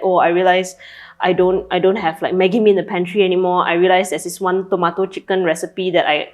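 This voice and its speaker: Brief: young Malaysian woman co-host, lower voice, candid and reflective in casual chat. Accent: Malaysian English. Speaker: podcast co-host.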